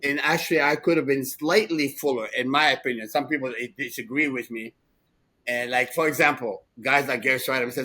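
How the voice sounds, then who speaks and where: A man in his sixties telling rambling, animated stories as a podcast co-host, laughing often. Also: mid-range voice, brisk, rough recording. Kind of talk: casual storytelling chat.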